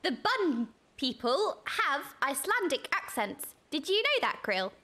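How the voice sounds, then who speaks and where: A young adult woman streaming a game, excitably commenting and reading quest text aloud. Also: high voice, measured pace. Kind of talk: live gameplay commentary.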